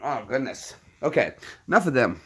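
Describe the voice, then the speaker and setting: Man cooing softly to his dogs. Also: medium pitch, very animated, normal speed. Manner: soft, cooing baby talk to his dogs. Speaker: channel host. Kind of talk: casual live chat.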